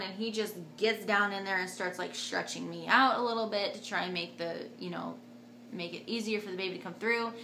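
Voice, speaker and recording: A woman in her twenties telling a personal story to camera in a casual, animated way, acting out quotes. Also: slight background noise. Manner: animated, acts out quotes with big jumps in pitch and loudness. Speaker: vlogger.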